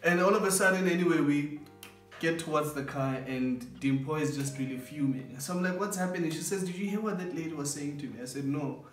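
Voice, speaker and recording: A man's voice: a little high, fairly quick. A man in a casual chat with his wife, talking in an earnest, indignant way with frequent "um" fillers. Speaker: co-host of a couple's channel. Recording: echoey room, voice a bit far, soft music.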